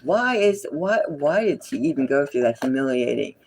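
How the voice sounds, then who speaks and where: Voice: mid-range voice, sing-song, normal speed, darkish tone, a little hiss or hum. A psychic tarot reader giving a casual gossipy reading, indignant and repetitive, sometimes dropping to a whisper.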